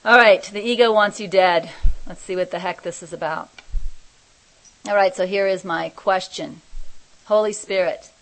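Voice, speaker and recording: A woman teaching a spiritual group, reading channeled messages aloud and commenting on them in a soft, reflective way. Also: medium pitch, moderate pace, long pauses, no room sound, low-quality recording. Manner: soft-spoken, reflective, often laughing.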